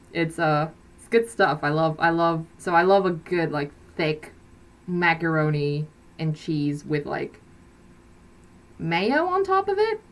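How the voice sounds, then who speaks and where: A woman hosting a casual livestream chat, speaking very unhurriedly in a slightly low voice. She rambles and hesitates with plenty of fillers. She giggles often between thoughts. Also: fairly even intonation, slow. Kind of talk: casual live-stream chat.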